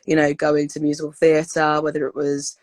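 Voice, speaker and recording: A woman's voice: deep voice, monotone, moderate pace, a little mellow, no room sound. A young woman, a guest in a casual interview, talking in an upbeat, loose way with many fillers and repeated words. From United Kingdom.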